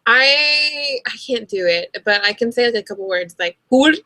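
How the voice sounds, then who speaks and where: A woman's voice: on the high side, lively intonation, moderate pace, sharp tone, dry recording, poor audio. A teenage girl co-hosting a casual livestream, eager and chatty, asking questions. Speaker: co-host.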